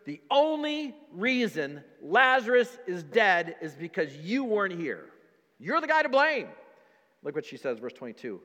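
A man's voice: high-pitched, huge pitch swings, a little slow, bright, forceful tone, big-room sound. A man preaching a sermon, reading scripture aloud and acting out the doubting voices of people in the story. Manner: acts out voices of listeners in the story; reads scripture aloud in old-fashioned wording. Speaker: pastor. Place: church hall.

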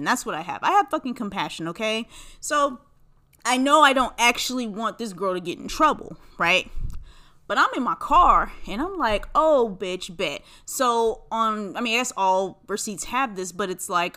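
Profane, animated young woman ranting. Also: medium pitch. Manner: profane, animated, rambling rant. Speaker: podcast host. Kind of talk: casual storytelling monologue.

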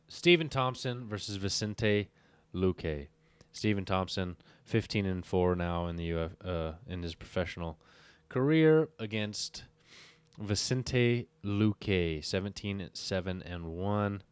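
A tired man recaps MMA fight records on his own in a casual, rambling way, correcting himself and often stopping to recheck the records. His voice is fairly low and smooth, unhurried, in a dry recording.

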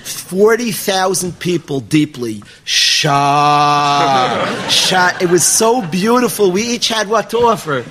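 A man from New York emceeing a gathering, joking and lively, mixing Yiddish and Hebrew words into his English. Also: high voice, moderate pace, few pauses, a crowd in the background.

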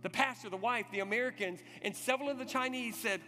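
High-voiced preacher in a reverberant hall. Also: male voice, fast. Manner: dramatic, swings from loud urgency to hushed near-whisper. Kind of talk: sermon storytelling. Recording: long hall reverb with music behind.

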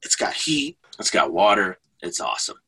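A man chatting as a guest, telling a story in an animated way and laughing often. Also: deep voice, normal speed, vocal fry, slightly rough, low-quality recording. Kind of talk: casual storytelling in conversation.

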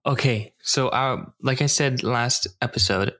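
A man co-hosts a relaxed movie podcast. He speaks haltingly, with many fillers and restarts. His voice sits at an ordinary middle pitch. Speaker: podcast co-host. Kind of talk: casual movie discussion.

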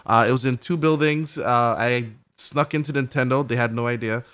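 Bright-voiced excitable podcast guy. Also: mid-range voice, moderate pace, slight background noise. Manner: rambling, heavy use of "like" fillers; excitable storytelling, acts out characters' reactions. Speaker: podcast co-host. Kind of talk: casual chat.

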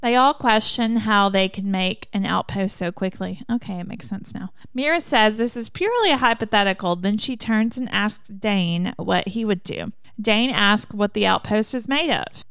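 A woman's voice: medium pitch, creaky, fairly bright tone, smooth, dry recording. A woman co-hosting a casual book discussion podcast, summarizing chapters, reading passages aloud and adding chatty asides. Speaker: podcast co-host.

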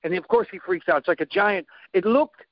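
A man telling a story in a casual chat, animated, acting out sound effects and quoted lines. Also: high voice, brisk, dry recording, dull audio.

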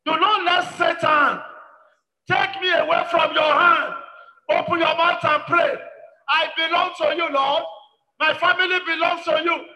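A man's voice: very high voice, fairly even intonation, a little slow, noisy background. A man, a pastor leading a congregation in fervent prayer, calling out repeated commands. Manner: shouted, repetitive commanding prayer. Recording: echoey hall with long reverb.

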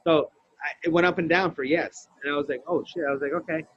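A man with a fairly high voice tells a long story in a casual podcast, swearing often and acting out every quoted line. The sound is dry and close, but the audio is dull and lo-fi. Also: fast, husky, no room sound. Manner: profane, animated storyteller who acts out quotes.

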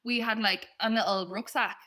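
Bright-voiced young Irish woman. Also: on the high side, fairly even intonation, normal speed. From Ireland. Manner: chatty storyteller, swears freely, laughs often. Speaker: podcast co-host. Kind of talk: casual chat.

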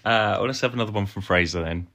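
Hear a podcast host with a fairly low voice, calmly reading listener questions off a list. He keeps things moving and chuckles along at his co-host's jokes. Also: quick pace. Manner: steady, reads out questions, laughs along. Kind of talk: casual podcast chat.

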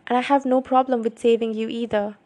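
A woman voicing a brooding teenage boy vampire who speaks quietly and soothingly. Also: on the high side, steady tone, fairly quick, close to an everyday voice. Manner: quiet, soothing, often whispered.

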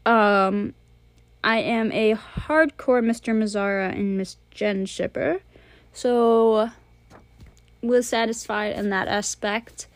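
A woman's voice: mid-range voice, fairly even intonation, slow, no room sound. A young woman chatting casually as she reviews movies and shows, rambling and blunt with lots of fillers. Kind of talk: casual monthly review chat.

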